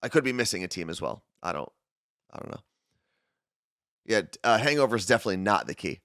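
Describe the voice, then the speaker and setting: A young adult man co-hosting a podcast, relaxed and chatty, reading out listener comments. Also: lowish voice, fast talker, no room sound, clean studio sound. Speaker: podcast co-host. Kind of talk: casual chat.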